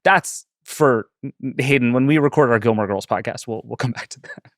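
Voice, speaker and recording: A male podcast host in casual conversation, talking fast and with animation as he tells stories. His voice sits at a middle pitch and sounds close and dry, with no room around it. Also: no echo. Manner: quick-talking, animated storyteller. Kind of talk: casual chat.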